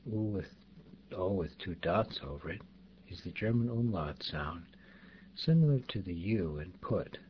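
Slow, very deep-voiced male teacher. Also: lively intonation. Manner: deliberate, spells out sounds and repeats example words. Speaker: language teacher. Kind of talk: slow pronunciation lesson. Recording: dull lo-fi recording, faint background noise.

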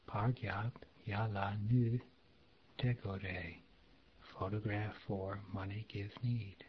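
Slow, low-voiced man reading a lesson. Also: breathy edge, dull audio. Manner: slow, careful reading with word-by-word glosses. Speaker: language teacher. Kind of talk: reading a language lesson aloud.

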